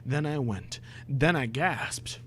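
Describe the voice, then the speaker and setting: A young man reading a badly written story aloud, breaking off for sarcastic, exasperated asides and shouted outbursts. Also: mid-range voice, slow pace, slight background noise. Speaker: comedic reader. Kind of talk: dramatic reading with mocking commentary.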